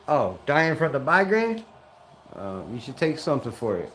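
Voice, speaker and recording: A man with a slightly higher voice calls a live game play by play for his stream audience. He is excitable and leaps to loud shouts on the big plays. Between them he drifts into loose, profane chatter and laughter, with faint room sound behind him. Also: moderate pace, slight background noise. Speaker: streamer doing watch-party play-by-play. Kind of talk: casual live play-by-play commentary.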